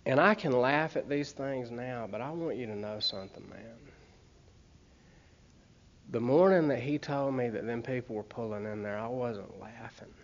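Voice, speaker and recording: A man's voice: mid-range voice, moderate pace, few pauses. A middle-aged man with a Southern US accent tells humorous personal stories to an audience in a folksy way, often checking in with "okay?" and "man". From Montgomery, Alabama. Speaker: speaker sharing a recovery story. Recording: slightly muffled recording.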